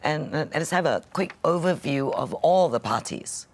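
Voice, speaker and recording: Female interview host, animated intonation, friendly prompts. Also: sits low, normal speed. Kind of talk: hosted interview.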